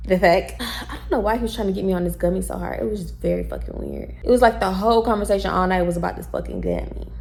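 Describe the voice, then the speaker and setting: A young woman with a drawl tells a story casually, blunt and animated. She swears freely and does not hold back. Her voice sits at an ordinary middle pitch. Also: quick pace, vocal fry, few pauses. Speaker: vlogger.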